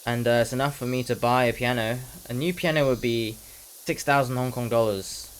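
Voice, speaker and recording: A man's voice: mid-range voice, fairly even intonation, brisk, slight background noise, poor audio. A nineteen-year-old man chatting casually while playing a game, rambling and making jokes at his own expense, now and then slipping into a mock British slang voice. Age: teens. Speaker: gaming commentator.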